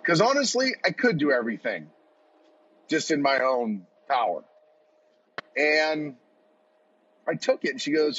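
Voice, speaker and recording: A man's voice: on the high side, big pitch swings, unhurried, long pauses, a bit bright, slightly rough. A man in his forties, a podcast guest, telling a heartfelt personal story in an earnest, rambling way with many restarts. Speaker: podcast guest, football coach. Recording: dull lo-fi audio.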